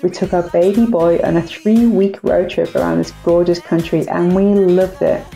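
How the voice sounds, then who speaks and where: In an echoey room, a young woman narrates a family travel vlog in a fairly low, dark voice with vocal fry. She's chatty and upbeat, tossing in self-mocking asides.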